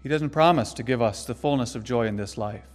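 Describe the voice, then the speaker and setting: A man preaching a sermon, earnest and emphatic, slowing down to stress key phrases. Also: medium pitch, long reverb tail, faint music behind. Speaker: pastor.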